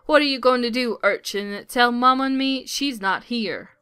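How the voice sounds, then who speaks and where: A woman voicing a cocky, taunting teenage boy prankster in a game, pitching her voice lower. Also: measured pace, bright, forceful tone, clear, resonant tone, faint music behind. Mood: smug.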